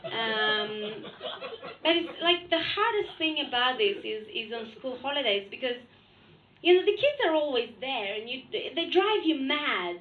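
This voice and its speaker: A woman's voice: high-pitched, roomy sound, lo-fi sound. A woman from Russia with a Russian accent doing a crude, blunt stand-up comedy set on a club stage. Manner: blunt, crude, deadpan with frequent laughs.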